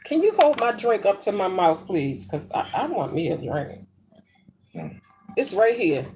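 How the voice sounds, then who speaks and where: A woman's voice: medium pitch, big pitch swings, measured pace, a little mellow, slight background noise. A middle-aged woman chatting casually while she cooks in her home kitchen, brash and profane as she tells gossipy stories. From United States. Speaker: vlogger. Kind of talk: casual chat while cooking.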